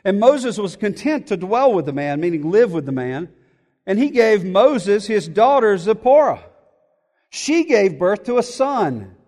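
A man's voice: high voice, big pitch swings, a little slow, a little mellow, long reverb tail. A man preaching an expository sermon in a church, earnest and repeating words as he thinks aloud. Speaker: pastor.

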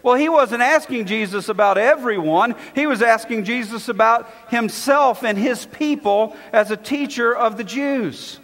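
A man preaching a sermon, stressing and repeating key words with dramatic pauses. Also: extremely high pitch, a bit bright, big-room sound.

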